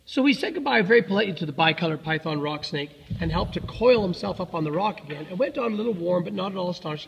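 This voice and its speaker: A man with a high, gravelly voice reads a children's story in a relaxed, unpolished way. The recording sounds dull and lo-fi, with a long hall reverb and a faint hiss behind it. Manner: relaxed, with fillers and self-corrections.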